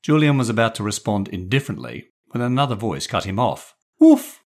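Expressive low-voiced male storyteller. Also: a little fast. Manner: lively, expressive. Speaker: author and narrator. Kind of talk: storybook reading.

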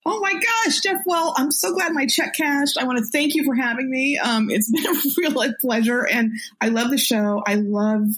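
A woman television executive chatting casually as a podcast guest, full of "like" and quick laughs, over a remote call. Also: high-pitched, a bit bright. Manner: chatty, lots of "like", laughs easily. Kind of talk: casual interview chat.

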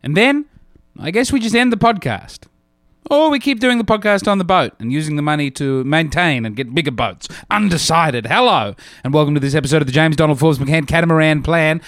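A man hosting a podcast, talking through a casual comedic monologue in an animated, self-mocking way. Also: a little high, a little fast, dry recording, clean studio sound.

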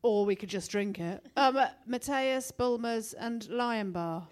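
Slow-talking woman with a wry tone. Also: fairly high pitch, darkish tone. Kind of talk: casual comedic chat.

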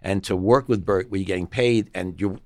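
A man's voice: low voice, fairly quick. Man telling studio stories. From Long Island, New York. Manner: chatty anecdotes, acts out the people he quotes. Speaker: guest, session musician and producer. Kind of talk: casual storytelling interview.

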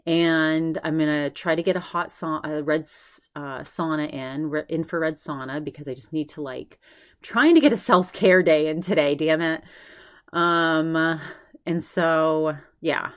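A woman's voice: sits low, measured pace. A woman hosting a podcast, giving a rambling personal update with restarts and laughs, anxious and shaken. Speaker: podcast host.

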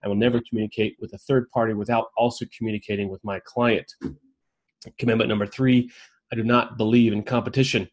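A man hosting a group video call, upbeat and energetic, calling on members by name. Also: fairly low pitch, fast. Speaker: host of an online roundtable.

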